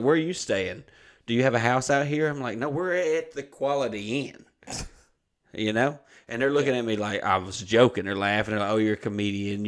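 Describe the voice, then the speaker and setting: A young man hosting a podcast, telling a rambling, profane story and admitting he is a bit drunk. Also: lowish voice. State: slightly drunk. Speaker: podcast host, comedian. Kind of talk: casual chat, storytelling.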